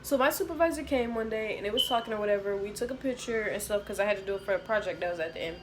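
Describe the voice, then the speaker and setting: A young woman telling a storytime to her viewers, animated and slangy. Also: mid-range voice, rapid-fire, slight background noise. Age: young adult. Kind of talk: casual storytime.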